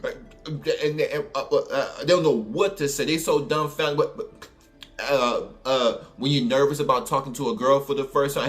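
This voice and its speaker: A man with a New Orleans accent telling a story casually and animatedly, loose and colloquial with plenty of fillers. His voice sits at an ordinary middle pitch. Faint music plays underneath. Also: moderate pace.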